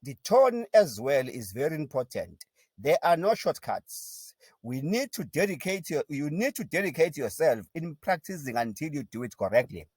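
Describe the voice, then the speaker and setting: A man teaching a pronunciation lesson, sounding out syllables one by one and repeating each word slowly and deliberately. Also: mid-range voice, darkish tone, dry recording. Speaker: language teacher.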